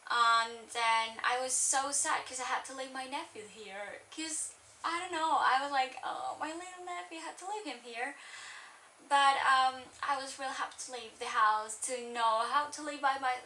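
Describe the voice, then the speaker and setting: Young woman, high and bright, rambling vlog story, roomy sound set back from the mic. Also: steady tone, normal speed, distant mic, slight background noise. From Spain. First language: Spanish. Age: young adult. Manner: chatty, rambling, full of "like". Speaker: vlogger. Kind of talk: casual storytelling.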